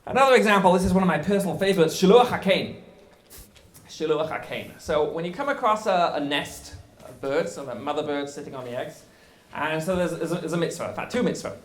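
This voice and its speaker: A guest rabbi gives a lively, conversational lecture, explaining things with wry jokes. He talks fast in a fairly high voice, and the sound is reverberant.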